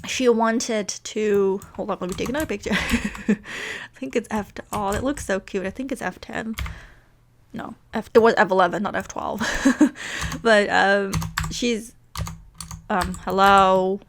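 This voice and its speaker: A woman's voice: medium pitch, fairly even intonation, measured pace, slight background noise. Casual female game host, rambling, chatty, unscripted commentary. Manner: rambling, chatty, with frequent laughs and fillers.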